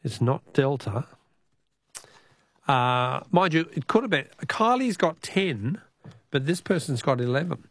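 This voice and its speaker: A man's voice: on the high side, very animated, unhurried, long pauses, a bit bright. A middle-aged Australian man hosting a radio call-in quiz, jovial and chuckling as he repeats the question.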